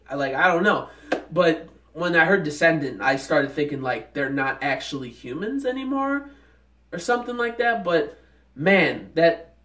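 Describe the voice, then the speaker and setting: A man with a fairly high voice gives an excitable recap of an anime. He leans on "like" and jumps into the characters' lines. He sits back from the mic in a room with a lot of echo. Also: distant mic. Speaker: anime reviewer. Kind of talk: casual spoken recap.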